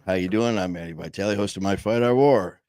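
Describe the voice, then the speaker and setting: A man's voice: sits low, quick pace, a little mellow, dry recording. A man hosting a casual chat show from a home studio, rambling with many fillers and restarts. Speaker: podcast host. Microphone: headset.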